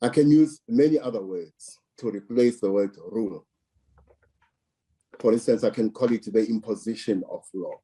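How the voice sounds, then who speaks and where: A man from South Africa giving measured political commentary, deliberate and emphatic, repeating words for stress. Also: on the low side, dark tone, slightly rough.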